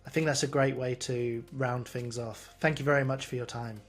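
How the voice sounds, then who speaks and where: Man, interview host, polite measured questions, faint music underneath. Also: medium pitch, steady tone.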